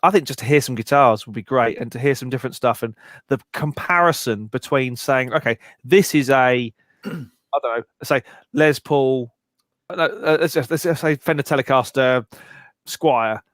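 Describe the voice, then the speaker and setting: A middle-aged man co-hosting a live music Q&A stream, joking around and talking in quick bursts with restarts. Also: medium pitch, a bit bright, no echo, clean studio sound. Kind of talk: casual live-stream chat.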